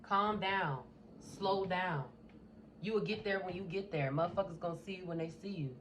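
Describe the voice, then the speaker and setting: A woman's voice: lowish voice, normal speed, slight background noise. Blunt, profane woman tarot reader. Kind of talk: casual tarot reading.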